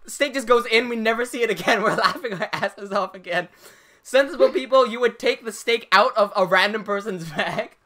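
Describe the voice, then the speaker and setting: A young man hosting a livestream, casually telling an animated story, laughing often and swearing freely. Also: sits high, a little fast. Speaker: livestream host.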